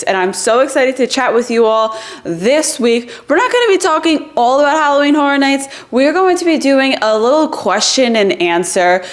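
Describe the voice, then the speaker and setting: A woman hosting a casual vlog. She talks in a bubbly, rambling way with fillers, tired after a long trip. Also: a little high. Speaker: vlog host. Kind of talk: casual chat to camera.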